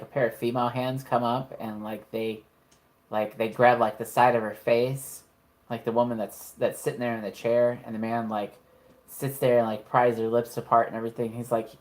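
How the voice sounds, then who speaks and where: A woman narrating a tabletop horror game as game master, casual and profane, with lots of "like" fillers. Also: very deep voice.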